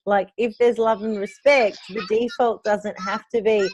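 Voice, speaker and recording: A woman's voice: medium pitch, steady tone, a little slow, darkish tone, slight background noise. A woman in her thirties co-hosting a podcast, talking in an enthusiastic, effusive casual chat. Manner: enthusiastic, effusive, restarts words. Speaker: podcast co-host.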